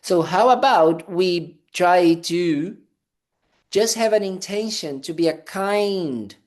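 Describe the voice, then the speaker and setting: A man's voice: high voice, takes it slowly, a little mellow. A man, a Buddhist monk, giving a casual dharma talk, conversational and playful, with many fillers and restarts. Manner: conversational, full of "you know" fillers and restarts; playful, acts out little scenes with "da, da, da".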